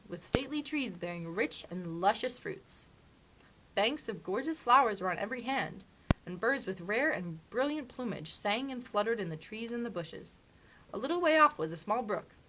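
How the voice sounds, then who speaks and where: A woman librarian reading a storybook aloud for children, expressive and animated, with gasps at dramatic moments. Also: mid-range voice, noisy background.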